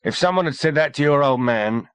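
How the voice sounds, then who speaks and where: A man voicing a gruff, sarcastic army sergeant in his mid-thirties who trades growling banter. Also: lowish voice, lively intonation, brisk, no room sound, natural voice. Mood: mocking.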